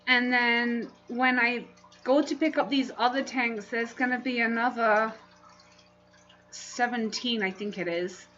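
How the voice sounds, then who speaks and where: Woman streamer, unhurried chatty delivery, slightly higher voice, dull lo-fi audio with faint hiss. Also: steady tone, sharp tone. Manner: chatty, laughs often, reads chat aloud. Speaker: livestream host. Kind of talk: casual livestream chat.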